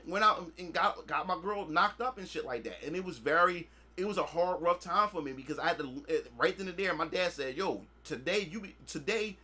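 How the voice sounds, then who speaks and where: A podcast host with a high, sharp-toned voice delivers a casual monologue. He lectures bluntly and profanely, emphatic and preachy, and keeps falling back on the same filler phrases.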